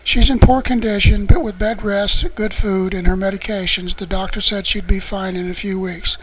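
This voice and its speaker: A man voicing an anxious, apologetic young woman in an audiobook, talking in rushed runs of words. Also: high-pitched, fairly even intonation, slight background noise, close to an everyday voice, low-quality recording.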